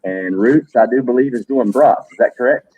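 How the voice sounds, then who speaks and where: A man's voice: mid-range voice, normal speed, dark tone, slightly rough, lo-fi sound. A middle-aged man hosting a livestream, chatting loosely, cursing now and then and greeting viewers by name. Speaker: livestream host. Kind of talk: casual livestream chat.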